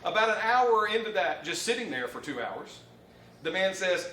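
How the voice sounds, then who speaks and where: Same Alabama lender, fifties, Southern accent: he tells an anecdote in his live training talk with folksy animation and frequent laughter, his voice high and his speed normal. Recorded by a distant mic in a roomy conference hall with a live audience, ambience and a little hiss or hum come through.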